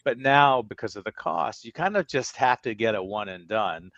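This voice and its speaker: A man's voice: medium pitch, animated, normal speed, fairly bright tone, dry recording, highs cut off. A man on a video call commenting thoughtfully on the comic art market in a casual discussion. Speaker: panelist.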